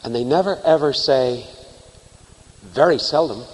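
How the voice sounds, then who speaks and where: A man's voice: medium pitch, measured pace. A middle-aged man preaching a sermon, acting out dialogue in different voices. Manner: animated, acts out dialogue in voices. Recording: long hall reverb.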